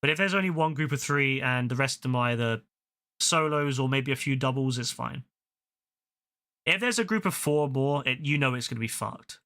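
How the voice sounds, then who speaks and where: A man's voice: medium pitch, fairly quick. A man, chatting casually while gaming, ranting animatedly with a lot of swearing. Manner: ranting, profane, animated storytelling. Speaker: gaming video host.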